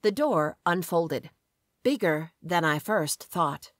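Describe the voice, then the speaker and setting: Slow, low-voiced woman narrating. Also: expressive, no echo, clean studio sound. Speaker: audiobook narrator. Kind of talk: first-person audiobook narration.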